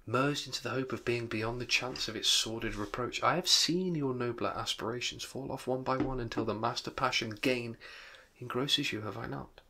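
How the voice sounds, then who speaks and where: A man reading the part of a gentle, sorrowful young woman who is ending her engagement, in a soft, hushed voice. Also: medium pitch, steady tone, normal speed, gravelly, slight background noise. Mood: sad, gentle. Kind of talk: dramatic reading of a novel.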